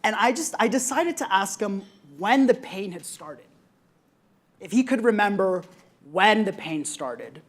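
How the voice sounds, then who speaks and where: A young adult woman speaks on a conference panel with a medium-pitched, expressive voice. She tells a personal story earnestly, with frequent ums and reflective pauses.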